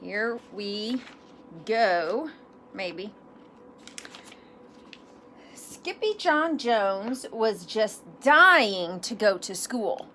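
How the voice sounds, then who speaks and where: A woman reading a children's picture book aloud, animated, with self-deprecating asides. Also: mid-range voice, drawn-out words, pauses often, a little hiss or hum. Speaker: storybook reader.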